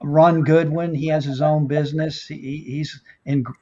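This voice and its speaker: A man hosting an interview, chatting casually and halting with fillers as he reads out names. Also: a little high, flat delivery, warm tone. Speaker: host. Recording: dull lo-fi audio.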